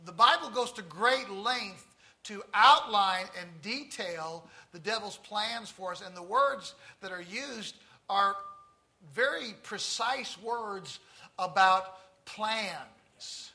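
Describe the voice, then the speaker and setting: Bright, tense-voiced male preacher. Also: high voice, animated, takes it slowly. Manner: emphatic, swings from hushed to loud; stretches out key phrases. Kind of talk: sermon with storytelling.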